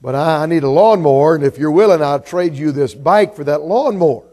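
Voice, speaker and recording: A man's voice: on the high side, a little fast, mellow, lightly acted. A man playing a flustered, earnest preacher in a joke he tells from the pulpit. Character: earnest male preacher flustered over a lawnmower.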